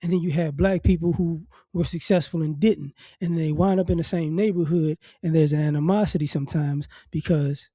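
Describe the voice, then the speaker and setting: Man, high pitch, mellow dark tone, faint Southern accent, blunt casual commentary. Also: steady tone, brisk, few pauses, no echo, clean studio sound. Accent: faint Southern, New Orleans traces. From New Orleans. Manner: blunt, repeats words while building a point. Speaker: commentary vlogger. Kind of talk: casual opinion monologue.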